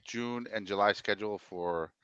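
A man's voice: lowish voice, normal speed, fairly bright tone, smooth. A man co-hosting a casual sports podcast, joking and repeating himself, on a dull lo-fi mic. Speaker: podcast co-host.

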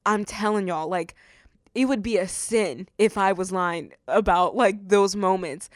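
A young adult woman hosting a faith-based podcast, telling stories and acting out what people said in an animated way. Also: lowish voice, dry recording, clean studio sound. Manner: animated storytelling, acts out quotes. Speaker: podcast host.

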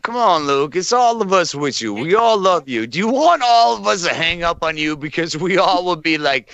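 A man's voice: a little high, very animated, normal speed, vocal fry, a bit bright, clear, resonant tone, no room sound, dull audio. A man guesting on a podcast in casual chat, rowdy, teasing and swearing.

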